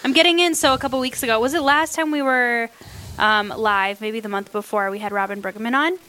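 Bubbly higher-voiced female co-host. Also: fairly even intonation, a little fast, bright, forceful tone. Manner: bubbly and teasing. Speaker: radio co-host. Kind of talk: casual studio banter. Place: windowless radio studio.

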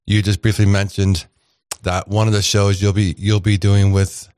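A man's voice: fairly low pitch, level tone, moderate pace, a little mellow, clear, resonant tone. A man hosting a casual radio talk show, chatty and rambling with plenty of fillers and restarts.

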